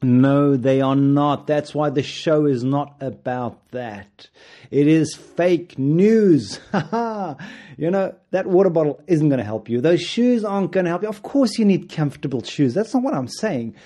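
Playful man hosting a podcast, mellow voice. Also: a little high, lively intonation, moderate pace. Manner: playful, joking, chuckles often, tells stories. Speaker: podcast host and running coach. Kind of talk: casual podcast monologue.

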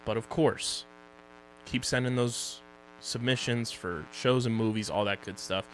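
A young man co-hosts a casual podcast, his voice sitting at an ordinary mid pitch. He jokes loosely and reels off plugs and sponsor reads. A faint hum runs under the recording. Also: a little slow. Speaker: podcast co-host.

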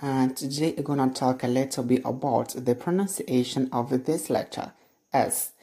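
A woman giving a podcast pronunciation lesson, modelling each sound slowly and deliberately and gently correcting common mistakes. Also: rumbling low, steady tone. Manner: slow, deliberate, models sounds by repeating them. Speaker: pronunciation teacher.

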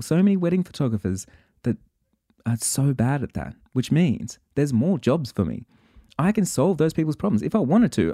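A man's voice: medium pitch, dark tone, dry recording, studio quality. A man hosting a podcast, talking straight to listeners in a passionate, worked-up motivational monologue. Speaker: podcast host.

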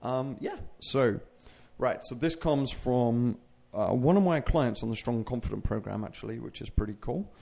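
A man's voice: mid-range voice, lively intonation, moderate pace, creaky, hardly any pauses, dark tone. A man hosting his own fitness podcast, chatting casually in a rambling way with self-mocking jokes. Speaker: podcast host and fitness coach. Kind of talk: casual solo podcast chat.

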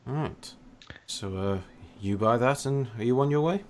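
A man's voice: mid-range voice, normal speed. A man running a tabletop game and patiently explaining the rules. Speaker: game master.

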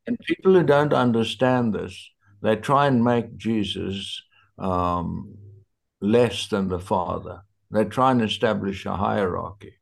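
A man teaching a Bible study in conversation, slow and searching for his words with many fillers. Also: fairly low pitch, vocal fry.

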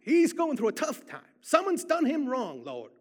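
A man's voice: very high-pitched, wildly swooping pitch, normal speed, pitched above the performer's own voice, exaggerated voice. A man doing a sing-song praying trooper. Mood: fervent prayer.

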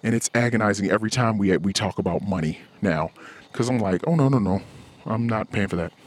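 A man's voice: fairly low pitch, a little fast. A man hosting a podcast, talking in a blunt, heated, profane rant with lots of restarts. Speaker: podcast host. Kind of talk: casual podcast monologue.

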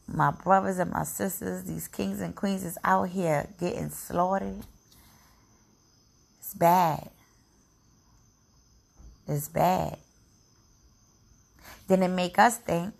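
A young adult woman with a mid-range, gravelly voice and heavy vocal fry delivers an emotional personal monologue to camera. She repeats phrases and sometimes drops to a whisper.

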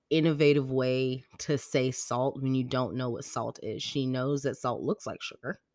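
Chatty young mom telling stories. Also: female voice, extremely low pitch, darkish tone, no echo, clean studio sound. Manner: chatty storytelling, slangy, lots of "like". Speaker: podcast host. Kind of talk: casual chat.

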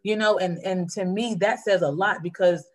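Woman, heartfelt churchgoer, fast and earnest, mid-pitched voice. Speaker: churchgoer sharing testimony. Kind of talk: casual faith conversation.

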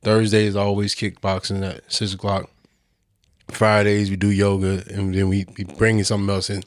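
A low-pitched man co-hosting a podcast, his voice recorded close and dry. He repeats himself as he finds his words. He ends on pep-talk advice. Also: completely flat delivery, moderate pace, no echo. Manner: stammers and restarts, motivational. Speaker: podcast co-host. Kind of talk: casual chat.

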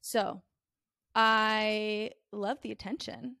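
Blunt, candid young woman, gravelly edge. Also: medium pitch, little pitch movement, very slow, sharp tone, no echo, studio quality. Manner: candid and blunt, with frequent fillers. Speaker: podcast host. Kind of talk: casual chat.

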